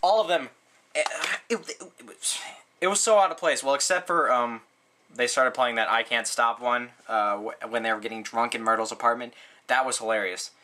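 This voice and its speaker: A man's voice: moderate pace, a little hiss or hum. A man giving a casual movie review, rambling and sarcastic, with lots of "like" and "um" fillers. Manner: rambling, full of "like" and "um", sarcastic asides; animated, frequent jumps in pitch.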